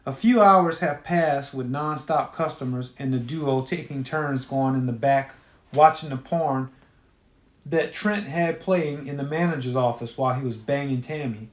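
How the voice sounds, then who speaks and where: A man's voice: medium pitch, reverberant. A man telling a crude story in a profane, offhand way.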